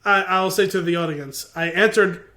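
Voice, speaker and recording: A man co-hosting a podcast, telling a rambling, animated story with laughter over a remote call. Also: high voice, moderate pace. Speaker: podcast co-host. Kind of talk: casual chat. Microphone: video call.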